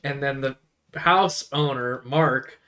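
A man's voice: medium pitch, slow, pushed and bright. A man co-hosting a podcast, casually adding scene details and quoting characters. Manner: chatty, fills in scene details with loose asides. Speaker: podcast co-host. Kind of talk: casual movie recap chat.

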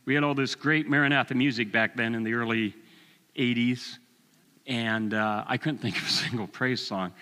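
A man in his sixties preaching a sermon, telling a personal story with animated delivery and chuckles. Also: mid-range voice, normal speed, big-room sound.

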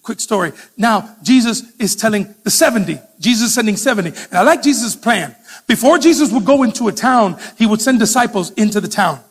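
A male preacher telling stories in an animated sermon, stumbling and restarting often. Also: high voice, brisk. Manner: animated storytelling with many restarts. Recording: long hall reverb.

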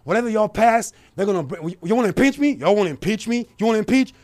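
A man's voice: sits high, expressive, quick pace, darkish tone. A man putting on a smug, boastful older male president who taunts and repeats himself. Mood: taunting.

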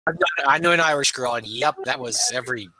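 A man co-hosting a casual podcast, reacting quickly and teasing the others. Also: mid-range voice, sharp tone, dry recording. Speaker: podcast co-host. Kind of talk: casual chat.

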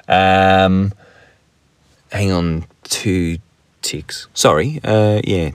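A man's voice: low voice, slow pace, clean tone, no room sound. A man hosting a podcast on his own from inside his car, telling a story in a rambling, crude, jokey way and laughing often. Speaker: podcast host. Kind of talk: casual solo storytelling.

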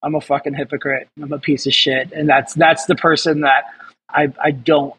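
A husky, slightly high-pitched man talks loosely as a guest in a casual interview. He rambles and swears freely, with frequent laughter breaking into his talk. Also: little pitch movement, moderate pace, fairly bright tone, low-quality recording. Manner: rambling, profane, laughs often. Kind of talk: casual chat.

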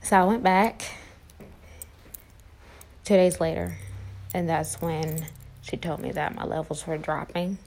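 Slow, gravelly-voiced young woman. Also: on the low side, fairly even intonation, darkish tone, a little hiss or hum, poor audio. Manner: halting, many fillers and restarts. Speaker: vlogger. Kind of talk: personal storytelling to camera.

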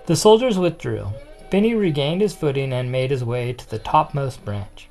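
A storyteller reads a children's picture book aloud at a steady, even pace. The voice sits at a middling pitch and is expressive without rushing. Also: faint music behind.

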